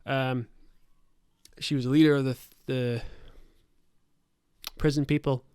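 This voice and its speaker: A man's voice: medium pitch, flat delivery, takes it slowly, darkish tone, smooth, no echo, clean studio sound. Rambling, profane young man telling game stories. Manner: rambling, profane storytelling with many self-corrections. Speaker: podcast host and game master. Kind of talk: casual podcast chat.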